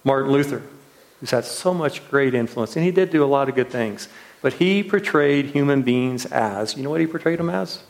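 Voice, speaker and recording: Man, retreat preacher, mid-pitched voice, earnest and searching, repeats his words. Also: lively intonation, normal speed, creaky. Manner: earnest, repeats words, trails softly then lifts with rhetorical questions. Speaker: retreat leader. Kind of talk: sermon. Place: retreat gathering room.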